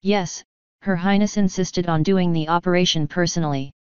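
A woman's voice: fairly low pitch, steady tone, normal speed, clean tone, no room sound, close to an everyday voice. A woman voicing a polite, businesslike nurse, in a storybook reading. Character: polite professional female hospital nurse. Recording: dull lo-fi dry recording.

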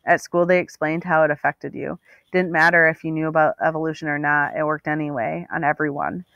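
Expressive woman reading a novel aloud. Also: sits low, brisk, vocal fry, no echo, lo-fi sound. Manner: steady, expressive storytelling. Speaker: audiobook reader. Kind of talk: audiobook narration.

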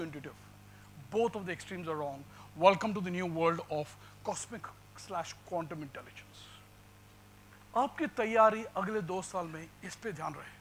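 A man's voice: sits high, a bit bright. A middle-aged man with an Indian English accent gives an emphatic motivational talk to students in a lecture hall, asking rhetorical questions and slipping into Hindi. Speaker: guest speaker.

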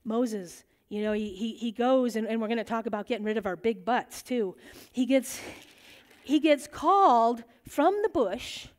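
Middle-aged woman leading a bible study, kinda high voice, acts out all the voices in her stories. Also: normal speed. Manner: animated, acts out quoted voices.

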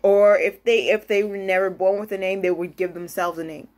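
Young woman rambling through a story, lots of restarts, gets squeaky when excited. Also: fairly quick. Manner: rambling, many restarts and quoted asides; lively pitch jumps when excited. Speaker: vlogger. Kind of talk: casual storytelling monologue.

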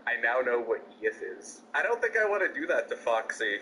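A man's voice: medium pitch, big pitch swings, brisk, sharp tone, a little hiss or hum, poor audio. Joking man streaming a game. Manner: joking, rambling, sarcastic. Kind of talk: gaming commentary. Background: music.

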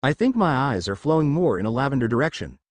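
A man's voice: medium pitch, sing-song, fast talker, dry recording. A man reading as a cheerful young ninja mentor. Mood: advising.

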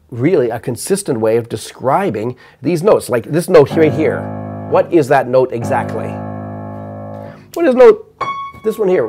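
An older man giving a measured, explanatory math lecture, counting notes aloud while playing piano. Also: mid-range voice, darkish tone.

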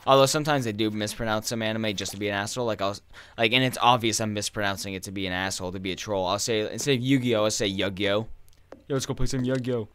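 A man's voice: lowish voice, racing, fairly bright tone, smooth. A young man chatting casually while playing a game, rambling and swearing as he rants. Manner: profane, ranting, rambling. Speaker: gaming streamer. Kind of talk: casual gameplay commentary.

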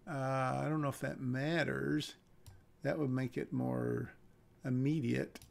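Gravelly man musing over a script. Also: mid-range voice, little pitch movement, slow pace. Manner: musing, thinking aloud with hesitant restarts. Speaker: script reader and critic. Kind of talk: live-streamed script reading with commentary.

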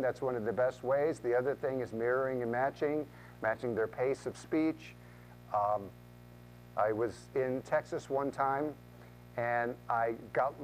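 A man of middle pitch runs a training session for real estate agents. He talks in an animated way, acts out the voices he quotes, and often repeats a word as he restarts a thought. A faint hum sits under the recording. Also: rough recording.

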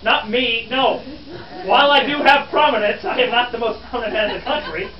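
A man's voice: very high-pitched, brisk. A scornful 1860s newspaperman. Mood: mocking, theatrical. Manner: theatrical, scornful, calls listeners "friends". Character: scornful 1860s male newspaperman, lecturing crowd. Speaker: living history interpreter. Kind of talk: in-character living history talk to visitors. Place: outdoor historic park program. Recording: distant, roomy, dull camera audio.

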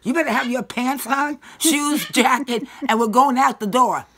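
A woman's voice: sits high, moderate pace, fairly bright tone, slightly rough. Rambling, salty-tongued woman at home. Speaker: dog owner giving up her pets. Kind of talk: casual chat. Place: indoors in her home.

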